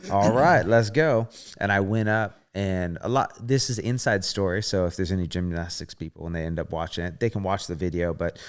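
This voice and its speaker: A man in his thirties, a podcast guest, telling a story in a casual, animated way, swearing often and acting out what people said. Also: sits low, fairly quick, hardly any pauses, smooth. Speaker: podcast guest, former gymnast.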